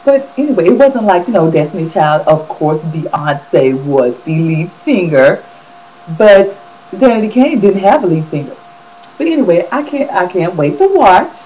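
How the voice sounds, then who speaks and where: A woman's voice: fairly low pitch, big pitch swings, moderate pace, warm tone, muffled recording. A woman hosting a casual celebrity gossip vlog, chatty and sassy, talking straight to her viewers.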